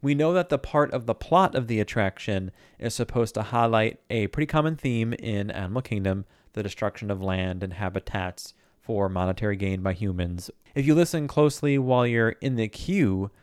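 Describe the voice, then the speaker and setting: A man's voice: fairly low pitch, normal speed, hardly any pauses, clear, resonant tone, no room sound, clean studio sound. A man co-hosting a casual chat, joking around and laying out a backstory in a laid-back way. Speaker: podcast co-host.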